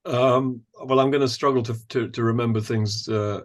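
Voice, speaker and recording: A man in a mid-range voice, speaking as a podcast guest with a reflective, admiring tone. He often pauses and restarts as he looks for the right words. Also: medium pitch, fairly even intonation. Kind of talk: thoughtful conversational discussion.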